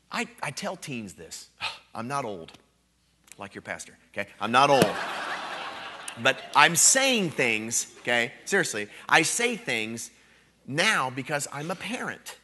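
A man in his thirties preaching at a revival, telling a personal story with animated, emphatic delivery. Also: mid-range voice. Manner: animated storytelling, rising to loud emphatic peaks. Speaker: guest preacher. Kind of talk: revival sermon.

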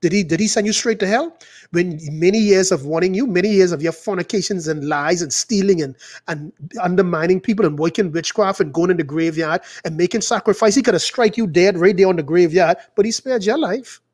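Man, pastor, fervent sermon and prayer, fairly high voice, slows down on key words. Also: a little mellow. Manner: fervent, rising and falling, stretches words for emphasis.

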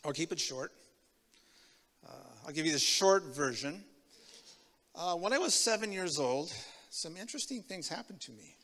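Bright-voiced man preaching in a reverberant church. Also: a little high, normal speed, pauses often. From Tacoma, Washington. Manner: animated storytelling, swinging from loud to hushed. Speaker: guest preacher. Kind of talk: sermon with personal testimony. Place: church sanctuary.

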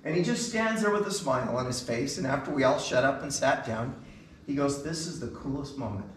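A man's voice: medium pitch, expressive, brisk, a bit bright. Brief: middle-aged man, eager storyteller onstage, some distance from the mic, hall echo, faint room noise. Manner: enthusiastic anecdotal storyteller, many fillers. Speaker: band concert speaker. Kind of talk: storytelling from stage.

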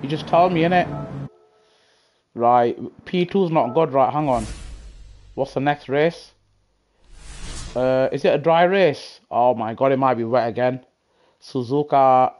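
Over car engine noise and music, a man streams a racing game on a gaming headset, chatting casually with viewers, answering chat in slangy terms and reacting as he drives. His voice is medium in pitch and measured in pace, with frequent pauses, and the audio sounds dull.

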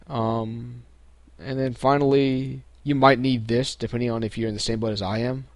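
A young man with a medium-pitched voice talks at a normal speed, with no echo, as he casually walks through a step-by-step computer tutorial. He's a relaxed tutorial host on a screen recording, full of ums and restarts.

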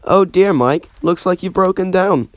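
A man puts on a bright, raised voice for an eager young engine desperate for work, polite even when pushed. It is recorded close and dry, with no room sound at all. The delivery is quick and earnest, in the manner of a homemade storybook. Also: sits high, no echo, voice pushed up. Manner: polite, keen, a bit pleading.

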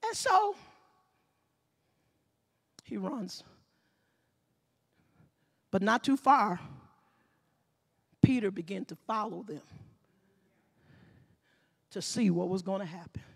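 A woman pastor, preaching a lively sermon, acting out scenes and often shouting. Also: mid-range voice, takes it slowly, vocal fry, pauses often, breathy edge. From Mississippi.

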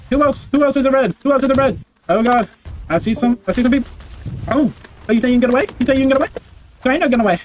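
A man giving loud, excitable gameplay commentary, full of brash trash talk, swearing and repeated barked commands. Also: extremely high pitch, rapid-fire, soft background music. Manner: barks repeated commands and chants. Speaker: gaming video creator.

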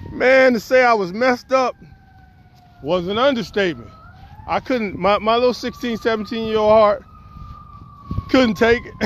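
Guy vlogging on a walk, high lively voice, little wind noise behind. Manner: animated storyteller, acts out quotes. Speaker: poet and vlogger. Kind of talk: storytelling vlog while walking outdoors. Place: outdoors on a windy walk. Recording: faint wind and outdoor noise.

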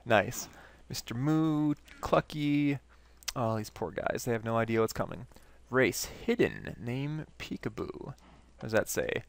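A man's voice: mid-range voice, lively intonation, a little slow, gravelly, no room sound. A young man hosting a game video, chatting casually and reacting as he plays. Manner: chatty, reacts while playing. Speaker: game host.

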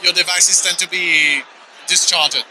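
A man's voice: high-pitched, fairly even intonation, a little slow, crowd noise, background noise. A man representing a company, explaining a product at a trade show in a helpful, slightly hesitant way.

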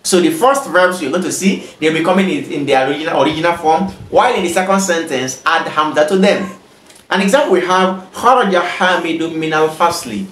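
A man with a somewhat high voice teaches a grammar lesson as a tutor. He reads example sentences briskly and then translates them slowly, recorded in an echoey room. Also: fairly bright tone. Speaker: Arabic teacher. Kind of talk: explaining an Arabic grammar exercise in English.

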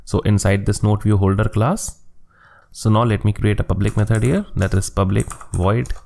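A man hosts a screen-recorded programming tutorial, explaining each step as he does it. His voice sits fairly low with a gravelly fry, and he keeps a steady, methodical pace. Keyboard clicks can be heard around him. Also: moderate pace. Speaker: coding tutorial host.

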